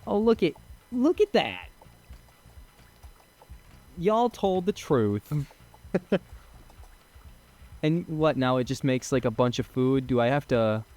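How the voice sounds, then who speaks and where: A young gaming streamer gives casual let's-play commentary in a medium-pitched voice. He's chatty and excitable, swearing and laughing while he plays.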